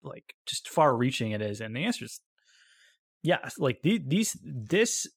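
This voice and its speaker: Gravelly young man telling stories. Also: medium pitch, measured pace, no room sound, studio quality. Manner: animated storyteller, frequent restarts. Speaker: podcast co-host. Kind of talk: casual conversation about church culture.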